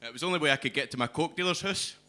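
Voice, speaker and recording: Deadpan Scottish man doing stand-up. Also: on the high side, racing. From Scotland. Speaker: stand-up comedian. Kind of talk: stand-up set. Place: comedy club stage.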